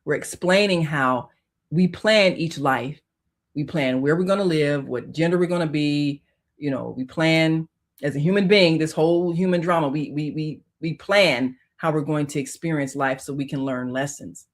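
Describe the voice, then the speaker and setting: A woman hosting a radio show, telling a personal spiritual story in a conversational way, full of fillers, dropping to a hush and rising to loud cries. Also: low-pitched, normal speed. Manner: emotional, swings from hushed to loud; conversational, many "you know" fillers.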